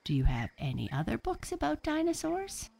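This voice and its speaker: A woman's voice: sits high, wildly swooping pitch, moderate pace, vocal fry, a little mellow, voice pushed up, full character voice. A woman voicing a bold, restless little girl who loves dinosaurs. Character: bouncy, bored little dinosaur-loving girl.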